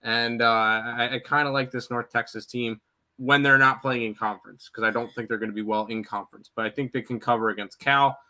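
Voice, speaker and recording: A man's voice: mid-range voice, steady tone, a little fast, bright, forceful tone. A man giving sports betting picks in casual chat, blunt, with frequent fillers.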